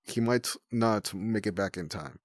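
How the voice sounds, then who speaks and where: A man's voice: lowish voice, measured pace, no room sound. A man reading a novel aloud on a livestream, in a plain way with small slips and self-corrections.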